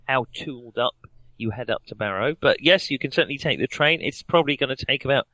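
A man narrates a tabletop game as its game master, slipping dry jokes in between the scene-setting. His voice is bright and forward. The sound is close and dry. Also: medium pitch, lively intonation, quick pace, dry recording, low-quality recording.

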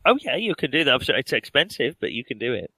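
A man narrates a tabletop game as its game master, slipping dry jokes in between the scene-setting. His voice is bright and forward. The sound is close and dry. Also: mid-range voice, big pitch swings, fast talker, breathy edge, no echo, rough recording.

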